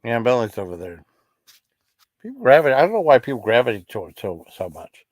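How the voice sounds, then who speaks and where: A man's voice: medium pitch, big pitch swings, a little fast, dry recording, studio quality. A man hosting a livestream, chatting casually with viewers in a rambling, apologetic, reassuring way. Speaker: livestream host.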